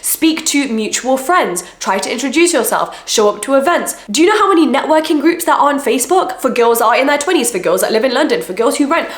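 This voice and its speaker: A young adult woman giving direct, earnest self-help advice in a vlog to camera. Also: high voice. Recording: roomy echo.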